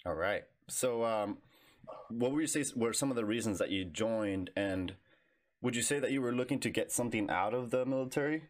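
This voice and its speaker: A man's voice: mid-range voice, fairly quick. A man, a fellow veteran, interviewing in a laid-back way, with slang and cursing. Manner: casual, profane, laid-back questioning. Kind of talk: casual interview.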